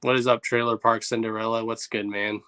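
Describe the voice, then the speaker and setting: A man's voice: lowish voice, level tone, fairly quick, pushed and bright, smooth. A man hosting a livestream, chatting loosely and reacting to viewers' messages. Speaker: livestream host. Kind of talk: casual livestream chat.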